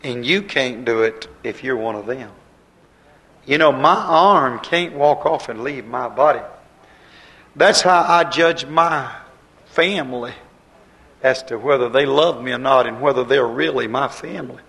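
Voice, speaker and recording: A man's voice: mid-range voice, unhurried, fairly bright tone, low-quality recording. A man preaching a sermon in a folksy, conversational way, repeating his phrases and using plain, homespun grammar.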